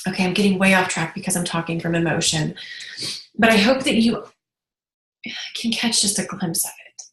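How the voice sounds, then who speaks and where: A woman's voice: medium pitch, reverberant, rough recording. A woman in her thirties, a direct sales team leader, talking casually and earnestly to viewers in a live video, getting emotional. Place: moved to North Carolina.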